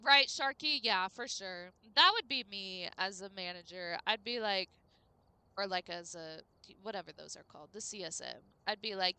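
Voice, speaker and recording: A woman's voice: lowish voice, moderate pace, creaky, bright, forceful tone, clear, resonant tone, dry recording. A young woman streaming a game, chatting casually and rambling to her viewers with lots of "like" fillers.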